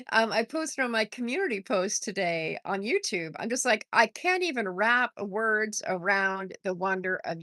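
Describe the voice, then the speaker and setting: An older woman hosting a casual livestream, chatting warmly and reading out viewer comments between laughs. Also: medium pitch, dry recording, studio quality. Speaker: livestream host. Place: home, on a porch.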